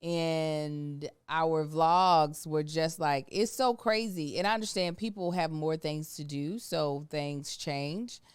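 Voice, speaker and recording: A woman co-hosting a podcast, telling stories in a candid, animated way with plenty of slang. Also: sits low, slow pace, hardly any pauses, smooth, no echo, clean studio sound. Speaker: podcast co-host. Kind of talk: casual podcast chat. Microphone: studio microphone.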